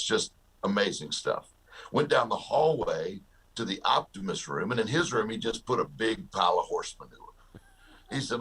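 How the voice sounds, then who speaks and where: A man's voice: fairly low pitch, a bit bright, breathy edge. A man, a guest author and success coach, talking in an interview and telling jokey stories with a laugh. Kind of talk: storytelling interview talk.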